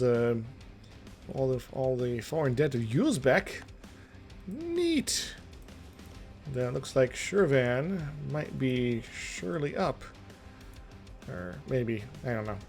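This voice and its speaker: Male streamer, gravelly and unhurried, rambling jokey game commentary. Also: medium pitch, a little mellow. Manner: rambling, muttering thoughts aloud; jokey and self-amused. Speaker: live-streaming gamer. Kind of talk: casual strategy-game commentary.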